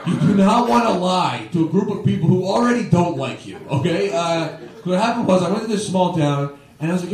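A man's voice: high voice, animated, brisk, hardly any pauses, darkish tone. A young man from Toronto doing a stand-up set, rambling loosely and tagging lines with "right?" and "okay?". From Toronto, Canada. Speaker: stand-up comedian. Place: comedy club stage. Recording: live club recording, roomy and distant. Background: audience laughing.

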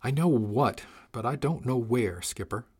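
A man reading an audiobook, voicing a shy young woman who serves as ship's chief, with a soft girlish voice that carries a serious edge. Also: medium pitch, animated, a little slow, husky. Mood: earnest. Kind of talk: audiobook character voice.

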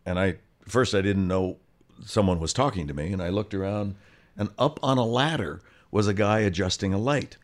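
Man telling an animated story. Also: on the low side, normal speed. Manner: animated storyteller, acts out quoted voices. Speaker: actor guest. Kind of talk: conversational anecdote.

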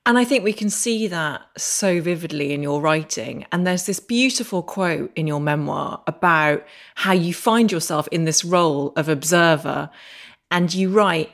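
A woman's voice: fairly low pitch, normal speed, creaky. A woman hosting a podcast, asking questions in an admiring way. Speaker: podcast host. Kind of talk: interview questions.

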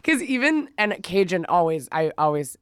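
A woman in casual podcast chat, rambling through quick restarts and fillers. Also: lowish voice, sing-song, clear, resonant tone, dry recording, clean studio sound. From California.

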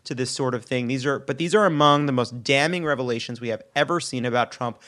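A man's voice: mid-range voice, quick pace, a bit bright. A man co-hosting a comedy news chat, delivering jokes in a dry, joking way. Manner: dry jokey delivery, mock impressions. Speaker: co-host. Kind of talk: scripted comedic news banter.

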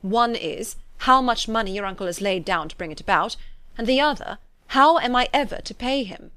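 A woman's voice: a little high, animated, normal speed, a bit bright, clean tone, dry recording. A woman reading a classic novel aloud, voicing a weary, sardonic older father in a dry, plain delivery.

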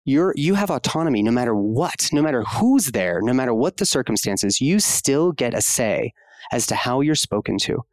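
A man's voice: mid-range voice, big pitch swings, moderate pace, no room sound. A man speaking as a guest on a conversational podcast, talking passionately and frankly, casual with fillers and the odd swear word. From United States. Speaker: podcast guest, obstetrician-gynecologist.

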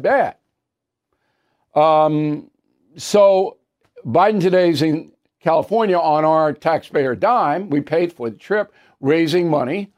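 Male news commentator, slightly high voice, from New York, blunt and emphatic, hammers points home. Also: a little mellow.

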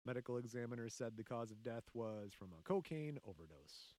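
A man's voice: medium pitch, sing-song, fairly quick, warm tone, no echo. A man hosting a podcast, telling a story in casual chat, joking and laughing often.

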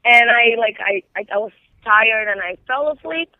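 A man with a notably high voice, calling in and telling his story in loose, meandering phrases studded with "like". His voice arrives through a thin, phone-like line, dry and close with no room around it. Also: moderate pace, no room sound. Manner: rambling, heavy use of "like". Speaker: caller. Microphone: telephone.

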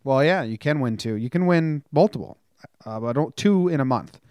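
A man hosting a casual sports podcast, upbeat and joking in fast banter with his co-host. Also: medium pitch, lively intonation, darkish tone, clear, resonant tone, dry recording, dull audio. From New Jersey.

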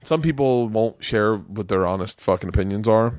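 A man's voice: lowish voice, normal speed, no room sound, studio quality. Man telling a story, swearing freely. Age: middle-aged. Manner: animated storytelling, swearing freely, acting out quotes. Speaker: podcast host. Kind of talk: casual chat.

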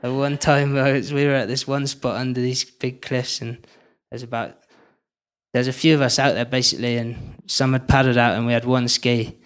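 Flat-voiced man telling stories on stage. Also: medium pitch, normal speed, smooth. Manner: loose and rambling, laughs often. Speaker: filmmaker guest on stage. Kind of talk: live on-stage storytelling. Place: live event stage.

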